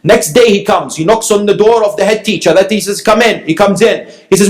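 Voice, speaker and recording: High-voiced preacher telling a story. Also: male voice, animated, a little fast, few pauses. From Iran. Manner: acts out dialogue, rising to emphatic peaks. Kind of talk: sermon with storytelling.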